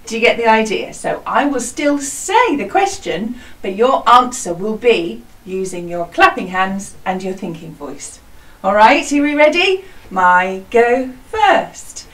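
A woman's voice: medium pitch, big pitch swings, unhurried, fairly bright tone, far from the mic, rough recording. A British woman teaching a home music lesson to young children, in an encouraging singsong teacher manner. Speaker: primary school music teacher. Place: small hut classroom.

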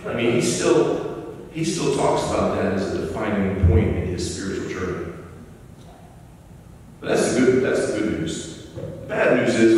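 A man preaching a relaxed, conversational sermon with folksy, self-deprecating humor. His voice sits in a long, echoing church reverb, picked up from a distance with a faint rumble beneath. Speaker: pastor. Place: church sanctuary. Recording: echoey church hall from far off.

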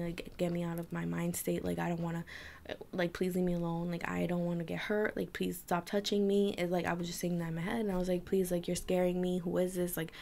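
Gravelly young woman telling a scary story. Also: lowish voice, a little mellow, a little hiss or hum. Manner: tense, emotional, drops to whispers. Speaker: vlogger. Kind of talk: casual storytelling to camera. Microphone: camera mic.

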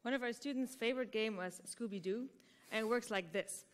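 A woman's voice: fairly high pitch, brisk. A woman teaching improv who explains a game step by step to a conference audience, often checking in with "right?". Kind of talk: conference talk.

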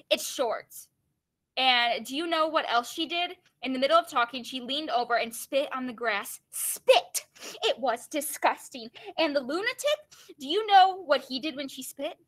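A woman's voice: a little high, bright, forceful tone. A woman teacher reading a novel aloud to her students, breaking off for casual asides full of "like" and "you know.". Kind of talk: read-aloud with commentary.

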